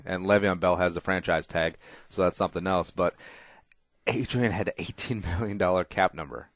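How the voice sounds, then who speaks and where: A man's voice: deep voice, dry recording. A man hosting a casual podcast, opinionated and emphatic, rambling and swearing freely, on a close studio mic. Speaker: podcast host.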